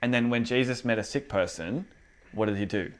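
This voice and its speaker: Young guy preaching super casually, lots of "like" and "you know", animated and chatty. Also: medium pitch, brisk, a little hiss or hum. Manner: conversational, animated, many fillers. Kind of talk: casual sermon.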